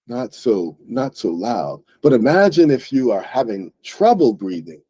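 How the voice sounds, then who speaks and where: A man hosting an English book club, explaining words slowly and plainly to learners and often checking in with "right?". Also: medium pitch, very animated, warm tone, slightly rough, dry recording.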